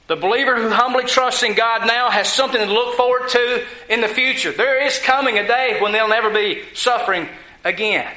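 A man's voice: high voice, sharp tone. A man preaching a sermon in a folksy, conversational way, full of rhetorical questions to his church. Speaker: pastor. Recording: echoey room.

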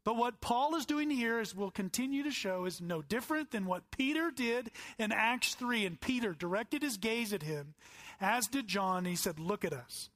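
A man's voice: very high-pitched, expressive, normal speed, fairly bright tone, no room sound. A man, a pastor preaching a sermon with earnest, emphatic stresses that climb on key words.

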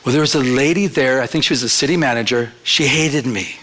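A man's voice: mid-range voice, brisk, a bit bright. A man preaching a sermon in an earnest, conversational way, telling stories from his own life and repeating his phrases. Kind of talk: sermon with personal storytelling.

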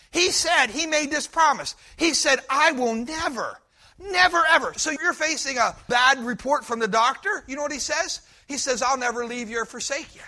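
Male pastor, emphatic sermon delivery, high and tense-edged voice. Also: sharp tone. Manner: emphatic preaching, repeats promises with rising force.

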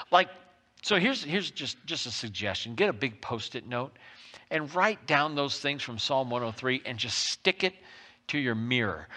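A man's voice: medium pitch, bright, forceful tone. A man preaching a sermon in a church worship center, emphatic and repetitive, stretching out key phrases. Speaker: pastor.

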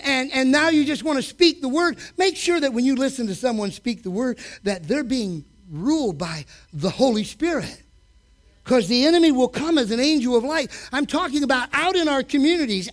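A man preaching a sermon in a church, swinging between quiet, joking asides and loud, shouted peaks. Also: extremely high pitch, expressive, normal speed. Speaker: preacher and coach.

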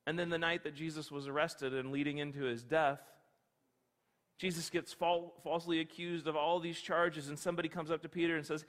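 A man preaching a sermon, telling the story in an animated, conversational way. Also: fairly high pitch, fairly quick. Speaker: pastor. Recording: long hall reverb.

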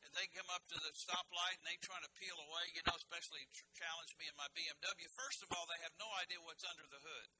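A male pastor with a fairly high voice preaches in a loose, folksy way, breaking into joking asides and stumbling over restarts. The room behind him carries a clear hum of background noise. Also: fairly even intonation, fast talker, hardly any pauses. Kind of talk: sermon.

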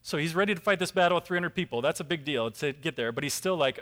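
A man preaching a sermon, telling a Bible story with lively acted-out voices and emphatic rises. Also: fairly high pitch, quick pace. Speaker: pastor.

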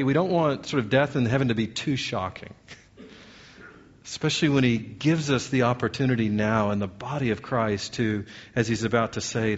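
Pastor, male, earnest and questioning, mid-pitched voice, slightly dull recording. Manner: earnest, asks the congregation many questions. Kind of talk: sermon.

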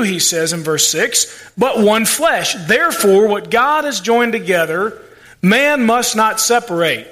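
A man's voice: high-pitched, expressive, a little slow, pushed and bright. A male pastor preaching a sermon, folksy and plain-spoken, with asides and playful sarcasm. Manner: acts out quoted voices.

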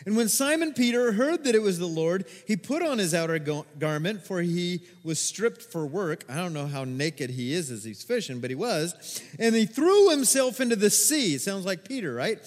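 A male pastor preaching a sermon, moving from loud, emphatic bursts to quiet, low asides. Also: very animated, moderate pace, big-room sound. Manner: dynamic, swings between loud emphatic and quiet. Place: church sanctuary.

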